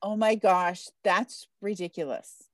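Woman podcast host, bubbly and laugh-prone, average pitch, dead-dry sound. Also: measured pace, no room sound. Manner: bubbly and gushing, laughs often. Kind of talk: casual interview chat.

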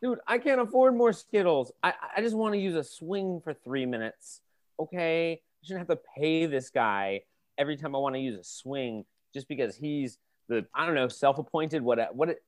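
Animated male improv comedian. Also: fairly high pitch, normal speed. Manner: animated, frequently panicky and shouting in scenes.

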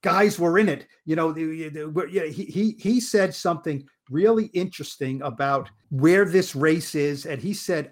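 A man's voice: on the high side, moderate pace, hardly any pauses. A man co-hosting a sports podcast, chatty and rambling, with many restarts. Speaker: co-host.

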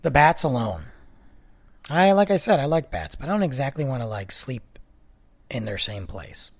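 A man in his thirties or forties from the Detroit area, telling a personal story in a casual, animated way, rising to excited bursts and dropping to a hushed voice. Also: medium pitch, moderate pace, creaky, breathy edge.

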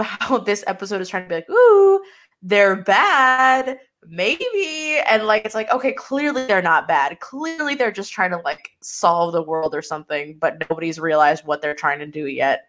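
A woman guest on a podcast panel, chatting casually and animatedly, with big pitch swoops when she quotes people. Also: a bit bright.

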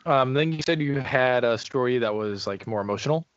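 A man's voice: mid-range voice, a little fast, no room sound, lo-fi sound. A man co-hosting a podcast, chatting casually and reacting briefly to his guest.

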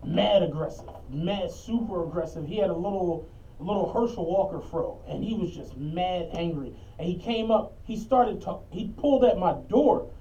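High-voiced Philly man on a distant mic. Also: moderate pace, warm tone, dull audio. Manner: laid-back, profane, laughing storyteller. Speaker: podcast co-host. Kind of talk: casual storytelling chat.

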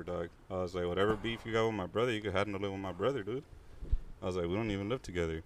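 Young LA dude, kinda low voice, swearing a lot, telling a wild story to his boys. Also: rapid-fire, slight background noise. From Los Angeles. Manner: slangy, profane, animated storytelling. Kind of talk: casual storytelling among friends.

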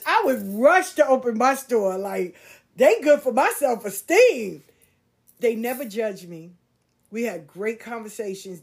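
Candid, animated woman telling a personal story. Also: medium pitch. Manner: candid and animated, with casual profanity and slang. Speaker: podcast host.

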